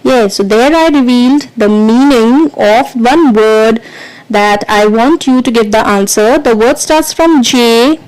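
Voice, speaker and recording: A woman's voice: fairly high pitch, a little slow, a little mellow, rough recording. A woman teaching vocabulary as a quiz, explaining patiently and counting down before each answer. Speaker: English teacher.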